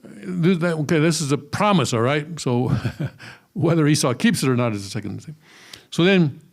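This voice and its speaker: A man's voice: fairly high pitch, expressive, moderate pace, vocal fry. A man teaching a scripture lesson, reading aloud and breaking off into casual asides with many fillers and restarts. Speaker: religious teacher.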